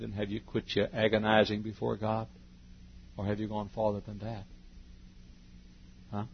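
A man preaching a revival sermon, swinging from hushed pleading to shouting, on a dull lo-fi recording. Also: on the low side, gravelly, slight background noise.

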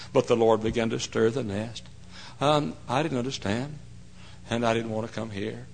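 A male pastor preaching a folksy, emphatic sermon that swings into loud cries. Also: medium pitch, creaky.

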